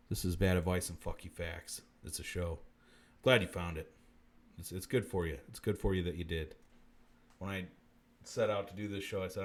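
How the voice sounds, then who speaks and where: A man hosting a live-stream comedy show, muttering profane bits deadpan and breaking into sudden shouts. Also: low-pitched, a little fast.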